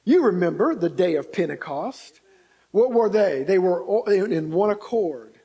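High-voiced, animated male preacher. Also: moderate pace, breathy edge. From Indiana. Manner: animated, shifts voices, builds to shouts. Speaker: pastor. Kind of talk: sermon.

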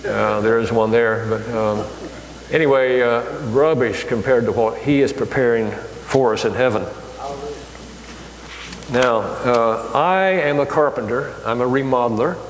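A man giving a folksy lay sermon in a church hall, halting, with many fillers. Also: medium pitch. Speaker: lay preacher. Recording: echoey hall with faint hum.

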